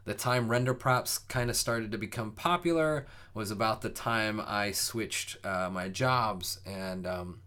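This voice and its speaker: A man's voice: on the low side, measured pace, hardly any pauses, sharp tone. A young man hosting a live coding stream, chatting casually with viewers in a rambling way, full of fillers and restarts before the lesson.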